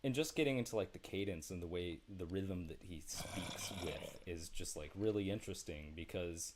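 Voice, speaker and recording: A man doing an impression of a famous actor, stressing every word and swooping from low gravel to sudden highs. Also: normal speed, a little hiss or hum, close to an everyday voice. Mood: intense. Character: impression of a famous male actor, odd emphatic cadence.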